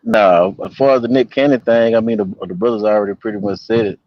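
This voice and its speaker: A man's voice: on the low side, fast, a little hiss or hum. Plainspoken man on a lo-fi call. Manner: plainspoken, slangy. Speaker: debate panelist. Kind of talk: casual debate chat.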